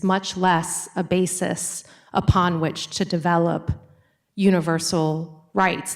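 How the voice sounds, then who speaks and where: A woman from the audience poses a question in a careful, deliberate way. She speaks very slowly, with a somewhat low voice. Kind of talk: question from the floor.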